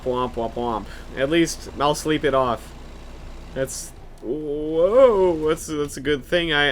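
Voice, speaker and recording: Sharp-voiced young man grumbling through a game. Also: medium pitch, a little hiss or hum. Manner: sarcastic, profane, grumbling. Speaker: gaming video host. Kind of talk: let's play commentary.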